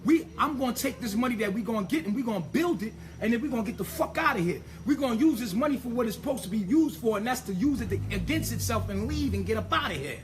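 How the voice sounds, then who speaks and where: A man's voice: very high-pitched, expressive, quick pace, hardly any pauses, soft background music. A man delivering an impassioned, profane monologue, emphatic and ranting, tripping over repeated words as he pushes his point.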